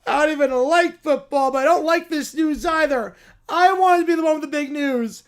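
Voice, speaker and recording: Text-to-speech lady doing a bratty little girl, high whiny voice, sulks and yells about everything. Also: moderate pace, lightly acted. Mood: outraged. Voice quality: high, whining and petulant. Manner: sulky complaining, outbursts of shouting. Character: whiny spoiled little girl, jealous and demanding.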